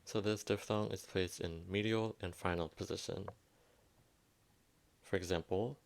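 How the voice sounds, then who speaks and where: A man with a Southwestern Vietnamese accent giving a pronunciation lesson, repeating each word slowly and carefully. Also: deep voice, fairly even intonation, vocal fry. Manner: slow, careful teaching, repeats words for emphasis. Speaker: language teacher.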